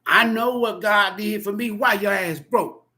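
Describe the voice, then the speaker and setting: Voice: mid-range voice, unhurried, pushed and bright. A tarot reader delivering an impassioned spoken monologue in a profane, emphatic, preachy way.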